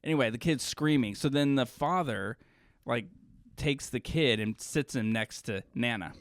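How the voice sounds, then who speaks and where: A man co-hosting a podcast, an animated, jokey storyteller who sounds exhausted. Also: medium pitch, moderate pace, no echo, clean studio sound. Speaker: podcast co-host. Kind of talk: casual chat.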